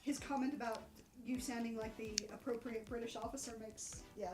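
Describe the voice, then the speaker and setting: A woman chiming in casually from off mic with quick, quiet remarks. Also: a little high, steady tone, music in the background. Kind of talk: casual chat.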